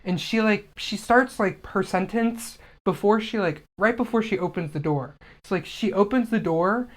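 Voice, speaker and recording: A man's voice: high voice, normal speed. A man co-hosting a casual podcast. He banters in a playful, teasing way and swears freely. His talk stays easygoing and conversational. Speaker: podcast co-host. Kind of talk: casual chat.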